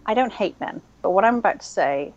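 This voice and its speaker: Co-hosting a game stream, a woman chats casually while playing online mahjong, thinking out loud with plenty of fillers. Her mid-range voice is expressive and fairly quick, and the highs are cut off.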